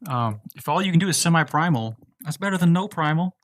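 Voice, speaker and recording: A man's voice: on the high side, animated, quick pace, dry recording. A man from the United States hosting a casual livestream, reading viewer questions aloud and answering them in a loose, laid-back way. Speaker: livestream host answering chat.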